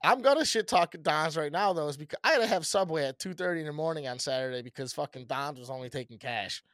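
Man, young, fairly high voice, dry close sound, cursing and rambling. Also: quick pace, a bit bright, no room sound. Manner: swearing, rambling, laughing. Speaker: podcast co-host. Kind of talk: casual chat.

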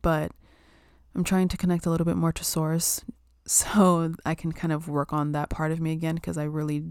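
A young woman talks in a loose, rambling way, peppering her speech with "like", "um" and the odd swear word. Her voice sits a little low for a woman. It is recorded close and dry, with no room sound. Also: little pitch movement, normal speed, darkish tone, clean tone, dry recording. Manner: chatty, full of "like" and "um", swears casually. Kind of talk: casual spiritual self-care chat.

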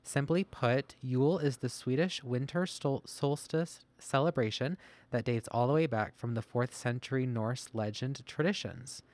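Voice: mid-range voice, moderate pace, darkish tone, no echo. A podcast co-host reading research notes from a phone, with self-deprecating, chatty asides. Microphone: podcast mic, masked.

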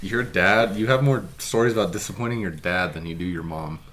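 A man co-hosting a casual podcast who teases the others with quick interjections. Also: low voice, crowd noise. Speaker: podcast co-host. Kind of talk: casual chat.

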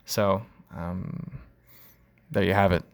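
A man's voice: low voice, fairly even intonation, slow pace, gravelly. Rambling man chatting solo on a podcast. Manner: rambling, self-joking, many fillers. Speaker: podcast host. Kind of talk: casual solo podcast chat.

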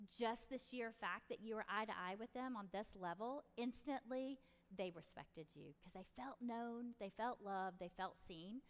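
Chatty woman in echoey room. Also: a little high. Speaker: parenting advice speaker. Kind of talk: casual advice talk. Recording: reverberant room.

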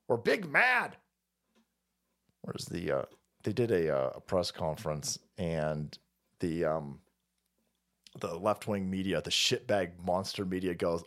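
A man's voice: mid-range voice, sing-song, normal speed. A man hosting a ranting political commentary stream, profane and mocking, sometimes putting on whiny voices to mock opponents. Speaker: streamer host.

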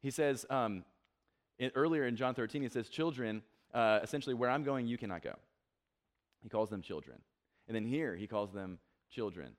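Speaking at normal speed in an animated, mid-range voice, this young man is a pastor giving a relaxed, chatty sermon. He jokes at his own expense and performs the quotes he cites.

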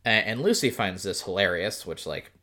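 A woman's voice: rumbling low, lively intonation, normal speed, fairly bright tone. A woman co-hosting a podcast, chatting casually about a book with a sarcastic edge and frequent laughs. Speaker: podcast co-host.

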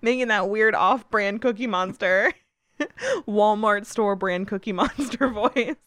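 A woman co-hosting a podcast in casual comedic chat, laughing often and talking with excitement. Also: mid-range voice, unhurried, no echo, clean studio sound. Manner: giggly, enthusiastic, laughs often. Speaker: podcast co-host.

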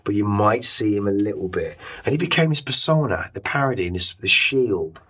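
Low husky guy opening up in an interview, halting, repeats himself. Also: lively intonation, sharp tone. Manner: reflective, halting, repeats words. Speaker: guest. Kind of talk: candid interview talk.

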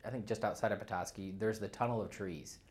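A man's voice: lowish voice, fairly even intonation, fast, crowd noise. A man from Michigan hosts a podcast and interviews his guest. He is enthusiastic and laughs easily, and his questions wander a bit before they land. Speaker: podcast host.

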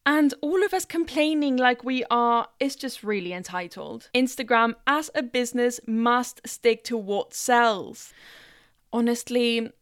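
A woman's voice: on the high side, a little slow, clean tone, no room sound, clean studio sound. A woman vlogger giving blunt, opinionated commentary.

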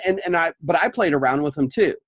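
Slightly high-voiced guy on a podcast, animated and chatty, dry close mic. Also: fast talker, dry recording, lo-fi sound. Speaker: podcast co-host, father of young kids. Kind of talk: casual chat.

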